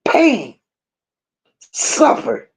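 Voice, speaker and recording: A woman hosting a commentary stream, talking in a slow, emphatic and scornful way and stopping to read viewer comments aloud. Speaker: commentary channel host. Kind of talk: unscripted livestream rant.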